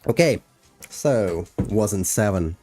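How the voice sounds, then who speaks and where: Deep, slow-talking man, hesitant. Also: animated, darkish tone. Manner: hesitant, many fillers and restarts. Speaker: animator streaming a breakdown. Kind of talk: casual livestream chat. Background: faint music.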